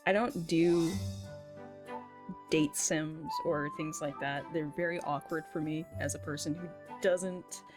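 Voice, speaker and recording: A woman hosting a game stream, chatting casually with giggly, self-deprecating asides. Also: mid-range voice. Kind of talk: casual let's play commentary.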